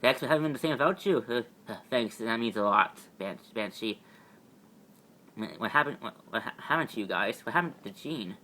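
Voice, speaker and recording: A man's voice: medium pitch, expressive, moderate pace, pushed and bright. A man performing a fan-made superhero audio drama, stammering heavily through repeated restarts. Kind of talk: amateur audio drama voicing.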